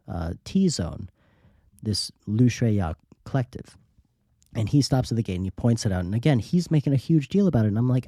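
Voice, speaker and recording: A man's voice: fairly low pitch, dry recording, clean studio sound. A man hosting a podcast, telling a travel story in a casual way and acting out the people he met. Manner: lively anecdotal storyteller, acts out quoted dialogue. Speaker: podcast host.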